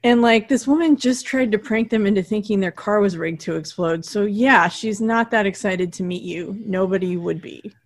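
A woman's voice: medium pitch, normal speed, hardly any pauses. A woman co-hosting a podcast, casually recapping a TV episode and quoting the characters' lines as she goes. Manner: chatty, recounts scenes with quoted lines and laughs. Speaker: podcast co-host.

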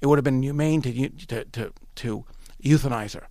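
Gravelly New York man telling a story. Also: medium pitch, fairly quick, mellow, dry recording. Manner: emphatic, repeats himself, quotes dialogue. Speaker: podcast guest. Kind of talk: animated storytelling.

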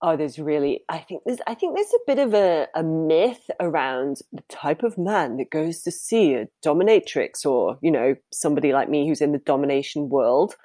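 A woman's voice: sits low, animated, normal speed, few pauses, mellow, dry recording. A woman, a professional dominatrix, answering interview questions in a candid, chatty way and laughing easily.

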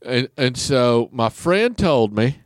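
A man's voice: medium pitch, sing-song, slow pace, no room sound, studio quality. A man hosting a casual comedy podcast, laughing often and acting out punchlines. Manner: laughs often, acts out punchlines in put-on voices. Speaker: podcast host.

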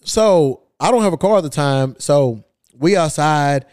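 A man's voice: on the high side, expressive, a little slow, darkish tone, no echo. A podcast host telling a long, profane story in casual chat, acting out the people he quotes. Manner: profane, acts out quoted voices.

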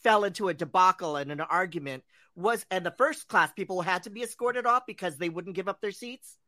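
Bright, blunt woman co-host. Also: fairly low pitch, a little fast. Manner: blunt, opinionated. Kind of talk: casual chat.

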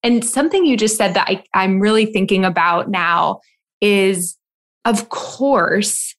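Woman podcast host, mid pitch, reflective conversational delivery, lots of asides. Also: unhurried. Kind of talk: casual conversation.

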